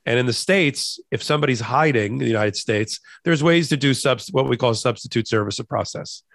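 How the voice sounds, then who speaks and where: A man's voice: medium pitch, brisk, creaky, a bit bright, no echo. Dry-voiced man explaining law. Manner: explanatory, conversational, with restarts. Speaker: podcast co-host, trial lawyer. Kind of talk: casual legal commentary.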